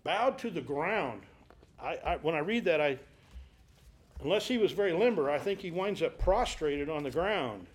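A man teaching a Bible study class. He retells scripture in a conversational, storytelling way, asks rhetorical questions, and gives the quoted dialogue lively voices. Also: on the high side.

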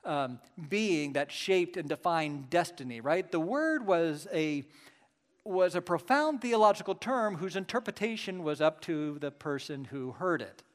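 A man preaching a Christmas sermon, reading scripture slowly and talking to the congregation in a casual, conversational way with rhetorical questions. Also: fairly high pitch, lively intonation. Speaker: pastor.

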